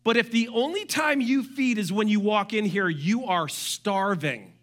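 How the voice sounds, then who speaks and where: A middle-aged man preaching a sermon as pastor, animated, with joking asides and quoted voices. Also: very high-pitched, moderate pace.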